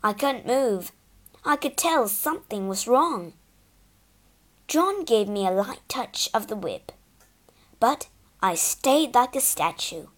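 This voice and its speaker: Animated woman reading a storybook. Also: fairly high pitch, takes it slowly, pauses often. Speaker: storybook narrator. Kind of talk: expressive storybook narration.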